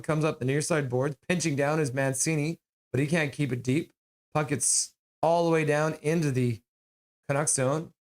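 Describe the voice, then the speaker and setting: Hockey streamer calling the play live, gets excited fast, mid-pitch voice. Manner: excitable, quick play calls with laughs. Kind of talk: live play-by-play commentary and chat reading.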